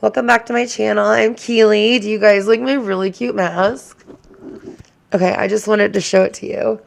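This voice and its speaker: A woman's voice: medium pitch, steady tone, moderate pace, vocal fry. A woman hosting her own reaction channel, chatting casually to the camera in a rambling way that keeps drifting into tangents.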